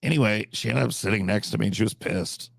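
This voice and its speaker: A man's voice: fairly low pitch, quick pace, creaky, husky, no room sound, clean studio sound. A man telling a rambling comic story in a casual, profane, conversational way. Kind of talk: comedic storytelling.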